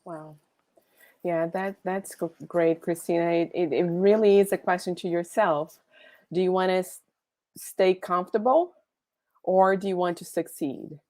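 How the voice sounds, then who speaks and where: A woman's voice: on the low side, steady tone, a little slow, a little mellow, no room sound. Hesitant woman moderator with dry sound. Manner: hesitant, lots of restarts. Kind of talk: hosting a round table. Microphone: video call.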